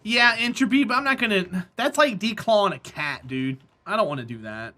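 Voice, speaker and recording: A woman gaming on a live stream, her voice clear and bright as she talks straight to her chat. She is blunt and sure of her opinions, calling out viewers by name and pushing back when they disagree. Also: mid-range voice, expressive, normal speed.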